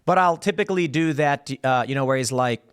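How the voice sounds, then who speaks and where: A man hosting a show, talking through the news in casual, opinionated commentary. His voice sits a little high for a man, and he keeps throwing out rhetorical questions. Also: brisk, clear, resonant tone. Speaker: show host.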